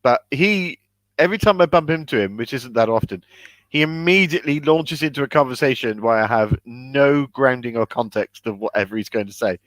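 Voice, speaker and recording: A man's voice: medium pitch, animated, a little fast, fairly bright tone, no room sound. A man co-hosting a casual comedy chat, telling wry, self-deprecating stories. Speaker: co-host.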